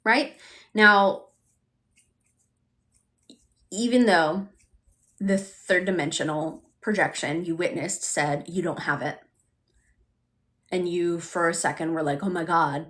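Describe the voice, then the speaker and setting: Chatty woman with a low-pitched voice. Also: measured pace, long pauses, a bit bright. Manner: chatty, uses lots of "like", acts out quoted self-talk. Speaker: manifestation coach. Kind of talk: casual live-stream talk.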